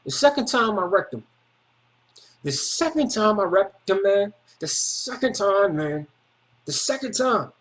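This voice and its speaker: High-voiced man telling a street story. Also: sing-song, measured pace, a bit bright. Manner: street slang, repeats phrases, emphatic. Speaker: video testimony speaker. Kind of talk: casual storytelling testimony.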